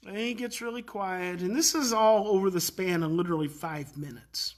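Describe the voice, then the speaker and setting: A middle-aged man, a parenting educator, tells a story in a casual, animated way and lets his voice rise to act out the kids' outbursts. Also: high voice, moderate pace, hardly any pauses. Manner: animated, acts out kids' outbursts, many fillers.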